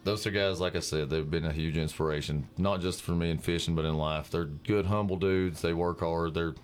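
A man's voice: deep voice, steady tone, fairly quick, a little hiss or hum. A middle-aged man, chatting casually on radio and telling a fishing story with easy laughs. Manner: laughing, easygoing, answers yes sir. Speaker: fishing guest.

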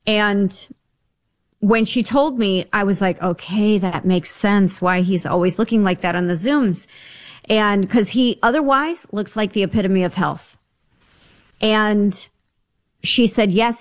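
A woman talks in a relaxed, chatty way on a talk show. She tells stories with emphasis and often puts in asides. Her pitch sits in the middle range. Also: measured pace. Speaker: guest health advisor. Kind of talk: casual radio talk.

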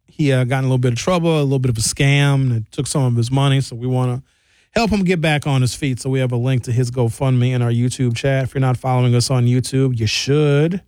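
A man's voice: medium pitch, fast, darkish tone, clean tone, no room sound, studio quality. A man hosting a radio talk show, ranting comically with put-on mocking voices. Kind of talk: casual radio monologue.

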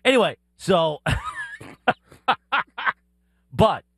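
A man hosting a sports radio show, telling rambling stories and pitching bits. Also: wildly swooping pitch, fairly bright tone, slightly rough, no room sound, studio quality. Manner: rambling, quick storytelling. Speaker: radio host. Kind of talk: casual sports talk chat.

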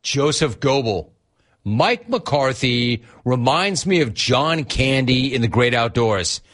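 A man hosting a sports talk show, teasing and animated, reading out chat and laughing often. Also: mid-range voice, takes it slowly.

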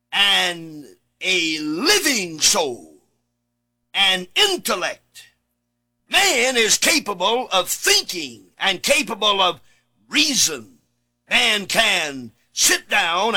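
A male preacher delivering a sermon, reading scripture and repeating key words with emphasis, sometimes shouting. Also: high voice. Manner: reads scripture aloud in old Bible wording.

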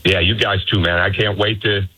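A man's voice: deep voice, steady tone, normal speed, pushed and bright, rough recording. A male basketball coach, a guest on sports talk radio, giving emphatic, insistent opinions.

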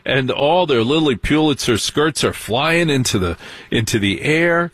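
A man telling a long comic story in stand-up style, sardonic and animated, with mocking asides. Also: fairly high pitch, measured pace, husky, no echo. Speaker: comedian.

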